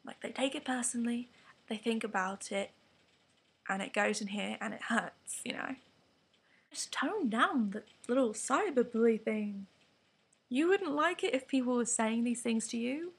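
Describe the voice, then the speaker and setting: A woman's voice: on the high side, moderate pace, husky. A teenage girl with an English accent, ranting frankly to camera in a rambling vlog with whispered asides. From England. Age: teens. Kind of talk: candid vlog rant to camera.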